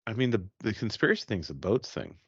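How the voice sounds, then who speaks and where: Animated, low-voiced man swearing emphatically. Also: fast, slightly rough, dry recording, muffled recording. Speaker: podcast co-host. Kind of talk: casual podcast banter.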